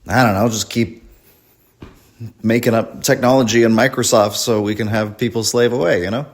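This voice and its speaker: A man's voice: lowish voice, fairly even intonation, moderate pace. A man performing a rambling, crude, self-deprecating stand-up comedy set at a live show.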